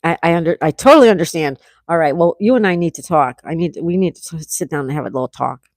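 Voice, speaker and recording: A middle-aged woman hosting a casual livestream, reading viewers' comments aloud and chatting back warmly. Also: low-pitched, fast talker, dry recording, studio quality. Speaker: livestream host reading chat. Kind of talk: casual live chat.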